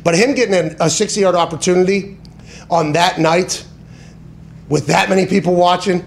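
Guy hosting a sports show, kinda high voice, swears a lot, rambles and fixes himself mid-sentence. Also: normal speed, vocal fry, a little hiss or hum. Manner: profane, animated, emphatic; tangents and self-corrections. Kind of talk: casual sports talk.

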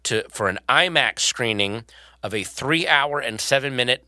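A man's voice: mid-range voice, lively intonation, normal speed, bright, forceful tone, dry recording. A man co-hosting a podcast in casual, playful, rambling chat. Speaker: podcast co-host.

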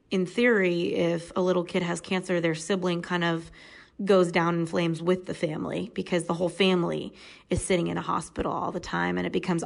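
A woman's voice: fairly low pitch, vocal fry, rough recording. A woman in her thirties, a podcast guest telling a personal story in a candid, earnest way. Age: 30s.

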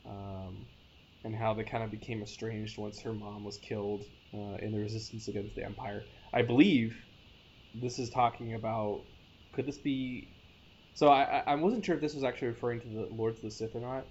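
A man's voice: on the low side, steady tone, a little mellow. A man co-hosting a casual podcast chat, talking eagerly with many restarts and stumbles. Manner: enthusiastic, halting with many restarts. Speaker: podcast co-host. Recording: dull lo-fi sound with faint noise.

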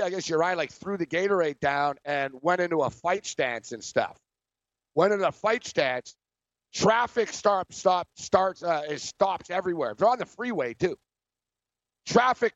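Animated, storytelling sports radio host man. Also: high-pitched, no room sound. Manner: animated storyteller, quick asides. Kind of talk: casual sports radio chat. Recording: dry, dull lo-fi studio audio.

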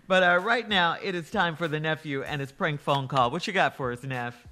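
A woman co-hosting a radio show, laughing and animated as she sets up the next segment. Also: deep voice, a little fast, soft background music. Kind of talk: lively radio banter.

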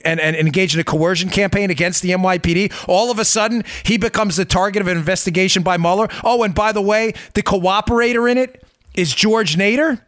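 Middle-aged guy doing a political podcast rant, kinda high voice, dry close mic, keeps hammering his points. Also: a bit bright, dry recording. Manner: incredulous, emphatic, repeats points for effect. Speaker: podcast host. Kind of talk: political commentary monologue.

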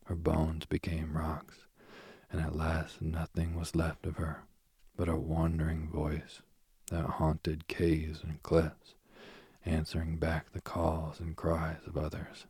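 Slow, deep, husky male reader for an old myth; soft, half-whispered delivery. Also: no echo, clean studio sound. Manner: soft, often dropping to a whisper. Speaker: storyteller. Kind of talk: reading a myth aloud.

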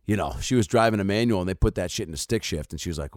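A male comedian in his thirties riffs loosely to camera, swearing freely. His voice sits on the low side. The sound is dry and close. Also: animated, very fast, no room sound. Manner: rambling, profane, loose and jokey. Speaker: comedian and host. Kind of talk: casual comedy monologue to camera.

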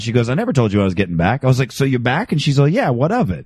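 A man's voice: medium pitch, racing, few pauses, slightly rough, dry recording, clean studio sound. A young adult man telling a story in casual chat, acting out the quoted dialogue as he goes. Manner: animated, acts out quoted dialogue with voice shifts.

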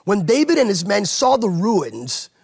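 Speaking a little slowly, a pastor preaches with fervor in a high, slightly gravelly voice. He is emphatic and hammers each point by repeating phrases sermon-style, even when just talking.

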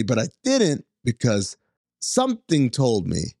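A man's voice: moderate pace, no echo, clean studio sound. A man co-hosting a podcast, telling a story in casual chat and acting out the dialogue. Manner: animated storyteller, acts out dialogue in higher voices. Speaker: podcast co-host.

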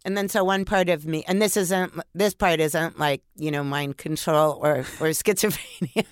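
A middle-aged woman who is a podcast guest, telling a story in a casual, animated way and swearing freely. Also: low voice, moderate pace, smooth, no echo, studio quality. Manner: animated, profane, acts out her inner voices. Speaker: podcast guest, paranormal investigator.

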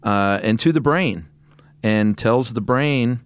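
A man's voice: medium pitch, slow, clean tone, no room sound. A man co-hosting a podcast in casual chat, wry and teasing, often laughing as he tells stories. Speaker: podcast co-host.

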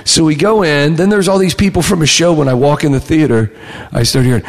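Gravelly man telling a story. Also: fairly high pitch, quick pace, in a large hall. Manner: animated, acts out other people's lines. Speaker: comedy writer, guest. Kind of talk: casual storytelling.

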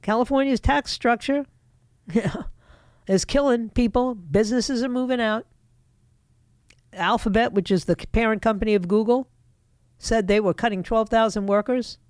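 A woman's voice: on the high side, a little slow, pauses often, a little mellow, no echo, studio quality. A middle-aged woman hosting a political talk radio show, opinionated and emphatic, talking straight to her listeners.

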